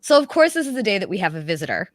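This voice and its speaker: A woman from New York, blunt and profane, telling animated stories in a casual video call chat. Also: medium pitch, rapid-fire, no room sound.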